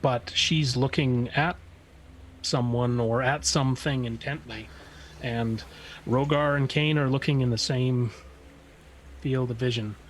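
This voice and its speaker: A man running a tabletop game, describing scenes in a halting, searching way. His voice sits at a middle pitch, with a faint noise underneath. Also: fairly even intonation, low-quality recording. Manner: halting, many fillers and restarts. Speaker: game master.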